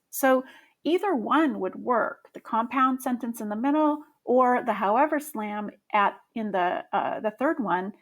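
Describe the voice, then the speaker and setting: A woman explaining grammar to middle schoolers in a friendly way, with frequent ums. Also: on the high side. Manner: friendly and explanatory, with many fillers. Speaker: teacher. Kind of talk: grammar lesson.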